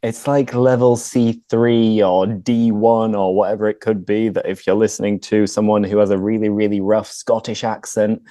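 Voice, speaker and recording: British man, English teacher hosting an interview, mellow mid-pitched voice, dry studio sound. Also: normal speed, few pauses, no echo. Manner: relaxed, laughs along, explains plainly. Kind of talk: casual interview chat.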